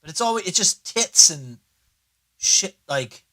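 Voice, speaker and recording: A man's voice: sits high, lively intonation, measured pace, bright, forceful tone. A young man chatting casually on a livestream, rambling and swearing, sometimes talking himself through his computer setup. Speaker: streamer.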